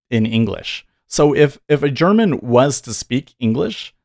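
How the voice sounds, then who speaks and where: A man's voice: mid-range voice, a little mellow, no echo, clean studio sound. A man in his thirties hosting a day trading livestream, talking casually and earnestly, rambling with frequent self-corrections.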